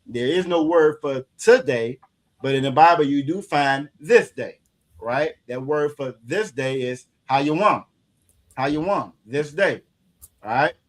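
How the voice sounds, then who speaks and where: Man, slightly high voice, casual language lesson, repetitive, many fillers. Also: lively intonation, a little slow. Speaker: Hebrew language teacher.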